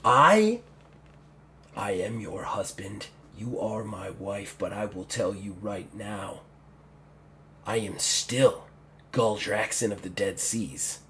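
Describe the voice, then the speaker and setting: A man's voice: on the high side, big pitch swings, slow pace, long pauses, slight background noise. A man voicing a hot-tempered, power-hungry male orc warlord who roars his lines. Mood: menacing. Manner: roaring, menacing.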